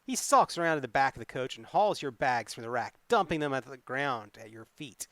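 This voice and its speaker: A man's voice: mid-range voice, animated, fairly quick, few pauses, fairly bright tone, dry recording. A man streaming a solo tabletop adventure, reading its text aloud and adding wry asides. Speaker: solo game player and streamer.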